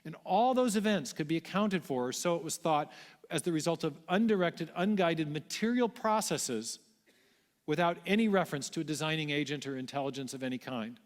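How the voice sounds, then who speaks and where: A man giving a public lecture to a large audience, telling history in a measured way with frequent restarts. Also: a little high, lively intonation. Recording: long hall reverb.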